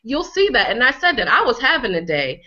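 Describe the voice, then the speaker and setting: A woman from Connecticut, a healing coach being interviewed, speaking emphatically and repeating phrases for effect, her voice a little hoarse from a cold. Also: a little high, very animated, a little fast, sharp tone, lo-fi sound. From Connecticut, USA. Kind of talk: conversational interview.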